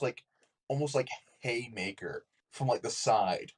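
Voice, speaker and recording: A man's voice: medium pitch, a little slow, husky. Casual man playing a tabletop game. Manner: loose, filler-heavy, thinking aloud. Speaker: player.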